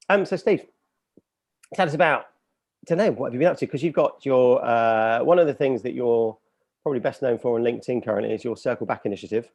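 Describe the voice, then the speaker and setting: A man's voice: medium pitch, brisk, darkish tone, no room sound. A man hosting a casual livestream chat, rambling and self-mocking with lots of fillers. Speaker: host.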